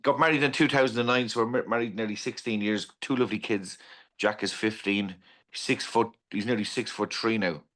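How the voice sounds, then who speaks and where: A man's voice: lowish voice, fairly quick, a bit bright. An Irish man in his forties, a podcast guest chatting casually and telling stories with many restarts. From Ireland. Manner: rambling storyteller with many restarts. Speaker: podcast guest, pub owner.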